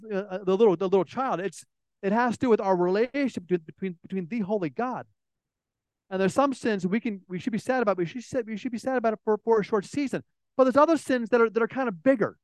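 A man's voice: sits high, a little mellow, clear, resonant tone, no room sound, poor audio. A man preaching a sermon in a conversational way, often repeating words and acting out little everyday scenes. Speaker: pastor.

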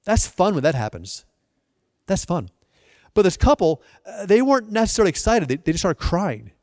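A man's voice: high voice, sing-song, moderate pace, a little mellow, dry recording, studio quality, long reverb tail. A male pastor giving a sermon, telling stories with repeated restarts and playful asides.

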